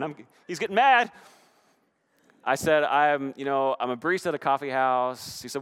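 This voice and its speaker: A middle-aged man preaching a sermon, telling stories in an animated way and swinging from loud to hushed. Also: medium pitch, a little fast, clean tone. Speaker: pastor.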